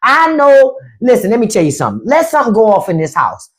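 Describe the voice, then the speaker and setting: Profane, animated woman podcast host. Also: a little high, fast talker. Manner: profane, animated storytelling with acted quotes. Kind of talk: casual live-stream talk.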